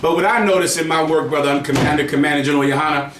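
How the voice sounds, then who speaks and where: A man's voice: a little high, very fast, reverberant, noisy background. A man preaching to a group in a heated, mocking way, swearing freely. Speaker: group teacher. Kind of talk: street preaching.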